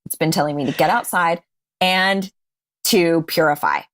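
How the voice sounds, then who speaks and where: Low-pitched woman guest, candid, laughs a lot, chatty. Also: moderate pace, a bit bright. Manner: candid, laughs often, restarts mid-sentence. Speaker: podcast guest. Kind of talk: casual interview chat.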